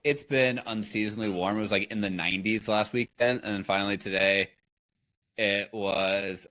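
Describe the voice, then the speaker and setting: A man's voice: on the low side, fairly even intonation, normal speed, bright, forceful tone, no room sound. Rambling Midwestern man hosting a podcast. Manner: rambling, filler-heavy. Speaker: podcast host. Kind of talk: casual chat.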